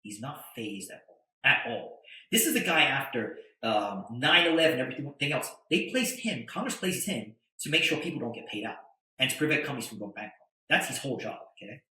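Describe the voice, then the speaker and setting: A middle-aged man tells a story as a podcast guest and acts out the voices of the people in it. His voice is bright and forceful. The room echoes around him. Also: medium pitch, fairly quick. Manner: animated storyteller, acts out quotes. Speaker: guest, attorney and entrepreneur.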